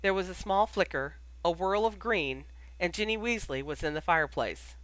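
An audiobook reader narrates a story in an even, measured way. The voice sits mid-pitched. The sound is dry and close. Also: no room sound. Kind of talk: fan fiction audiobook narration.

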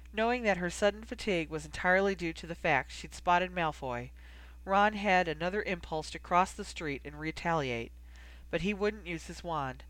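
Steady, dry-voiced audiobook narrator. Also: medium pitch, dry recording, low-quality recording. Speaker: audiobook reader. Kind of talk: scripted narration.

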